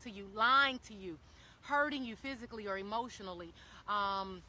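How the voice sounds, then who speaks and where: On a handheld phone camera, a wellness vlogger addresses her live viewers in an impassioned, encouraging talk. Her medium-pitched voice is pushed and bright at a normal speed, and she keeps repeating her main phrases for emphasis.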